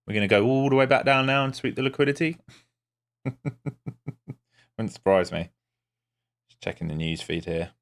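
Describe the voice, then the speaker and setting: A man's voice: lowish voice, normal speed, vocal fry, pauses often. A man streaming live as a day trader, giving casual, wry commentary with muttered asides to his viewers.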